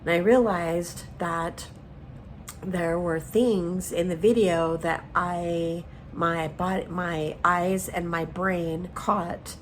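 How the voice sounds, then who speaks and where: Home cook, woman, earnest storyteller, slow and low-pitched, noisy kitchen. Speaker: cooking vlogger. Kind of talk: casual chat while cooking.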